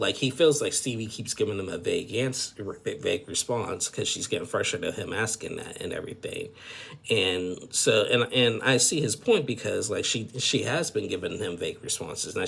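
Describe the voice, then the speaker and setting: A man's voice: sits low, vocal fry, fairly bright tone, slightly rough. A man casually recapping a reality TV episode, rambling with lots of fillers like "like" and "and everything". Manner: rambling, filler-heavy, says "and everything" a lot.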